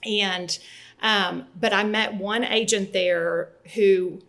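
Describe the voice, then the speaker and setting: A woman's voice: medium pitch, steady tone, slow, gravelly, a bit bright. A woman in her fifties, a guest author in a casual interview, telling her story candidly with lots of fillers. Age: 50s.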